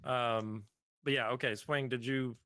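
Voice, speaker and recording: A man's voice: medium pitch, fairly even intonation, unhurried, sharp tone, clear, resonant tone. A man as game master, chatting easily with his players and filling gaps with ums. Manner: easygoing, loose with fillers. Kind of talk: casual chat running a tabletop game online. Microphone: desk mic shared in a room with another player. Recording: roomy voice-chat sound with reverb.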